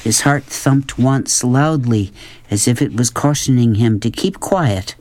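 Slow, calm male audiobook narrator. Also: medium pitch. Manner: calm, measured storytelling. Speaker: audiobook reader.

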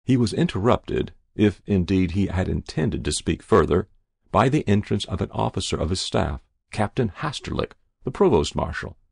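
A man narrating a classic story in a measured, deliberate audiobook reading. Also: sits low, expressive, creaky, darkish tone, slightly rough, no room sound, clean studio sound.

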